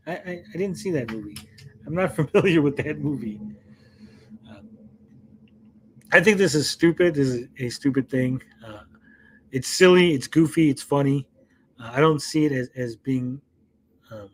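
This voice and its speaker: A man's voice: medium pitch, normal speed, pauses often. A man hosting a casual gaming news chat, rambling with lots of fillers and repeated words, reacting to chat and swearing casually. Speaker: podcast host.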